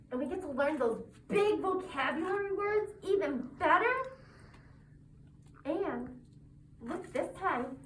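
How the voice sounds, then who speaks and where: A woman preschool teacher reading a picture book to young children, her voice high and very expressive. She talks in an animated way with lots of questions. The sound is distant and echoey with faint noise. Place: classroom.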